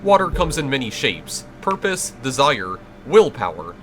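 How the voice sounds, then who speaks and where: A man's voice: medium pitch, very animated, a little slow. A man reading the lines of an intense mystical male familiar spirit who teaches magic, in a plain instructive tone, with game music behind. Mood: solemn.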